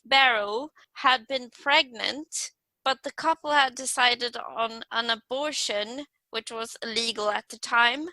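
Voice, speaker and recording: Bright slow-reading woman host. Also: a little high, dry recording, rough recording. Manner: steady reading, giggly between lines. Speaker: podcast host. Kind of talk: scripted true-crime narration.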